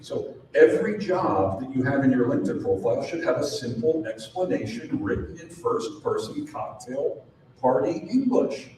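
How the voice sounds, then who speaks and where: A man's voice: fairly high pitch, huge pitch swings, normal speed, dark tone. A man giving a live sales training seminar to an audience, punchy and full of rhetorical questions. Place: large room with audience. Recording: very echoey room, distant mic, background noise.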